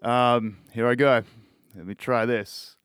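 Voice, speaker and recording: A man's voice: mid-range voice, fairly even intonation, slow, fairly bright tone, clean tone, no room sound, studio quality. A young Australian man hosting a podcast, rambling casually about music and swearing often. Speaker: podcast host. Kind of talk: casual music-review chat.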